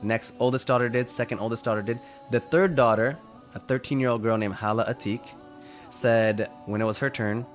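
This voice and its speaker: A man's voice: medium pitch, fairly quick, soft background music. A man telling a story in a casual, conversational way. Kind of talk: storytelling talk.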